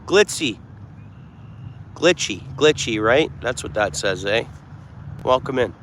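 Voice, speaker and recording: A man's voice: mid-range voice, animated, slow, a bit bright. Chatty man streaming outdoors. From Canada. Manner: chatty, greets viewers, thinks aloud. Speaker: fishing streamer. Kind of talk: live-stream chat while fishing. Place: outdoors by the water. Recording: clear outdoor background noise.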